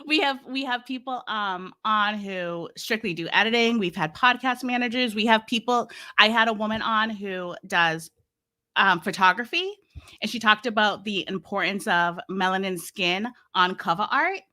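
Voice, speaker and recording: A woman with a Massachusetts accent and a bright, forceful-sounding voice chats casually in a podcast interview, appearing as both host and guest. Medium in pitch and moderate in pace, she tells lively stories, laughs often, and slips into other people's voices to act out quotes. Her tone remains crisp and clear the whole way through.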